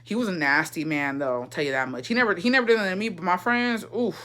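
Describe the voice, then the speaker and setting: A young woman from Texas telling family stories in a casual chat, animated and profane, acting out what people said. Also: on the low side, fast talker. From Texas, USA. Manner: profane, animated, gossipy, acts out quotes. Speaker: storyteller.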